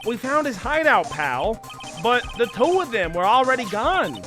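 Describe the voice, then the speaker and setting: A man doing a gruff, devoted detective sidekick from a courtroom video game. The voice sits high, booming and eager to please. Game music plays underneath. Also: big pitch swings, moderate pace. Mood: apologetic.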